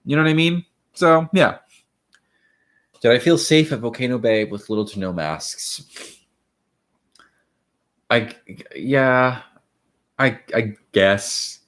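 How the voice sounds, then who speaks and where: A man's voice: medium pitch, expressive, slow pace, long pauses, a bit bright. A man in his twenties from Miami, hosting a casual home livestream, rambling and chatting as he answers viewer questions. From Miami, Florida. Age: 20s. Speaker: host of a livestream.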